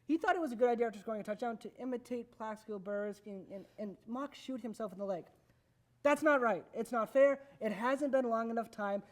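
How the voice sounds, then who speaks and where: A young man co-hosting a casual sports debate, quick and teasing, arguing back at his partner. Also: very high voice. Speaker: sports show co-host.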